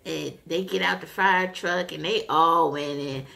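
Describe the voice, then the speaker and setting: A woman vlogger casually recapping a TV episode, retelling scenes in an animated way with lots of fillers. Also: deep voice, a little slow, vocal fry. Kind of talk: casual chat.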